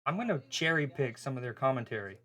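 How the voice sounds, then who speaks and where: A male streamer chatting casually through a football watchalong, his voice sitting in an ordinary middle pitch. He rambles and cuts himself off mid-thought, sounding bemused as he talks to his viewers. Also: lively intonation, fast talker, sharp tone. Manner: rambling, self-interrupting, bemused. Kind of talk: casual live-stream chat.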